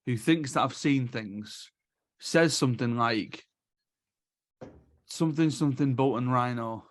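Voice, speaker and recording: A man's voice: mid-range voice, measured pace. Man giving brief dry replies. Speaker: podcast co-host. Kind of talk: casual film chat.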